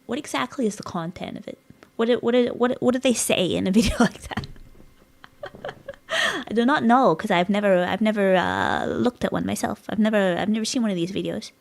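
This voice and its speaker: A woman's voice: medium pitch, creaky. Casting note: woman streamer, giggly and playful, casual gaming chatter. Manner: giggly, laughs often, playful. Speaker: live streamer. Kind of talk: casual live-stream chat while gaming.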